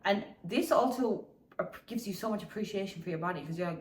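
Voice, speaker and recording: A woman in a casual, reflective talk about slowing down, speaking loosely with swearing and laughter while out on a morning walk. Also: mid-range voice, expressive, sharp tone, echoey room, recorded from a distance. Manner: meandering, chatty, swears casually, laughs often. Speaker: wellness vlogger.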